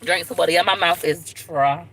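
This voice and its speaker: A woman speaks straight into her phone on a live stream, open and unguarded as she tells her story. Her voice is bright and forward, with a heartfelt edge and moments close to tears. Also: on the low side, normal speed, a little hiss or hum, poor audio. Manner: candid, tearful at times, Southern US slang. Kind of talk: emotional personal storytelling.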